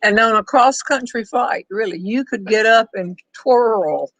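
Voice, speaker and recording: An older woman, chatting and storytelling on a back porch, wry and quick to laugh. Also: a little high, fairly bright tone, no room sound, low-quality recording. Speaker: storyteller host reading viewer questions. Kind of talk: casual chat with a friend.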